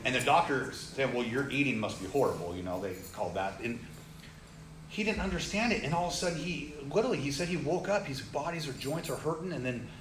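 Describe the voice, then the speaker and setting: A man casually telling a story, acting out the people he quotes, with growing excitement. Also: mid-range voice, quick pace. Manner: animated, acts out quoted people, rising excitement. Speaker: storyteller sharing a testimony. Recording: roomy echo, faint ambient noise.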